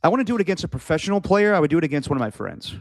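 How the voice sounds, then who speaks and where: A man's voice: on the high side, big pitch swings, very fast, no echo. A man co-hosting a sports podcast in casual chat, rambling with many "like"s and restarts. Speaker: podcast co-host.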